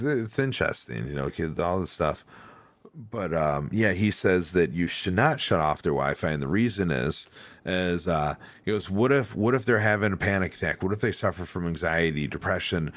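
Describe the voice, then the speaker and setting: A man hosting a podcast, chatting casually and telling animated, rambling stories full of fillers. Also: extremely low pitch, no room sound. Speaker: podcast host. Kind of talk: casual chat.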